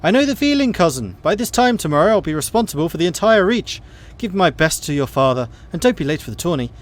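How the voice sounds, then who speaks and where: A man's voice: a little high, sing-song, quick pace, voice pushed up. A man voicing a young noble woman about to be crowned, with a put-on French accent and a proud, teasing manner.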